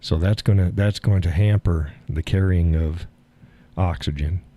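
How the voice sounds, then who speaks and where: A man's voice: low voice, unhurried, dark tone. A man hosting a live stream, chatting casually, often laughing, folksy and blunt with casual swearing. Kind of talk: casual chat.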